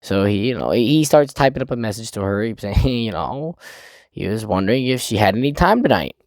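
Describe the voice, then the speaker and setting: A man's voice: fairly low pitch, animated, a little fast, darkish tone, no echo, clean studio sound. A man casually recapping a manga chapter, rambling, cursing and laughing as he goes. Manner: rambling, profane, laughing often. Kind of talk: casual chat.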